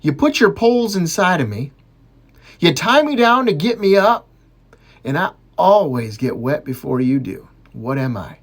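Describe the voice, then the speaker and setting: A cheeky schoolboy hero of dirty jokes, as a man telling them puts him on. He answers in a deadpan way with a lively, bouncing pitch. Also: a little slow, exaggerated voice. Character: cheeky schoolboy joke hero Little Johnny.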